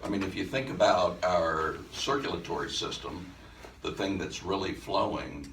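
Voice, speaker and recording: Deep guy presenting to a crowd, lively storytelling, laughs a lot, bright tone, roomy echo and faint noise. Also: normal speed. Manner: animated, laughs as he tells the story. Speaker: workshop presenter. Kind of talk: storytelling talk to a live audience. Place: event room at a center. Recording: echoey room, mic some distance off.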